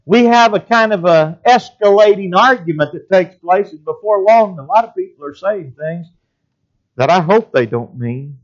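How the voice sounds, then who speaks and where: A man's voice: high-pitched, expressive, normal speed, highs cut off. A man preaching a sermon and reading scripture aloud in an old-fashioned cadence.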